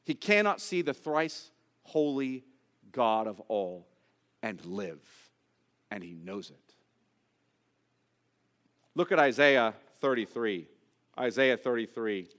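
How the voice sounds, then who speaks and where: A man preaching a sermon, with dramatic pauses and rising emphasis. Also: mid-range voice, sing-song, fairly bright tone, in a large hall. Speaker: pastor.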